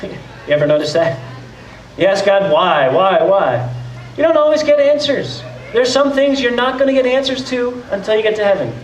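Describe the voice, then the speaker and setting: Animated and brisk, a pastor with a very high voice delivers a conversational sermon, frequently acting out the voices of doubters. The church hall lends a roomy echo, and the mic is placed at a distance.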